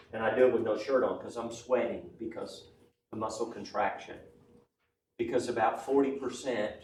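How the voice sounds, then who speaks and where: Medium in pitch and a little mellow, a man talks his class through a lesson in a chatty manner, adding personal stories and tacking "right?" and "yes?" onto sentences. The sound is roomy, from a distant mic, with faint room noise.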